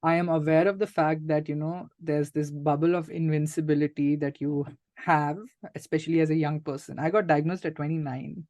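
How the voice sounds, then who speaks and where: A man's voice: on the high side, steady tone, a little fast, hardly any pauses, a little mellow, dry recording. A man, a guest speaking candidly and reflectively in an interview, with frequent fillers. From India. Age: 30s. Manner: reflective and matter-of-fact, many "like" and "uh" fillers.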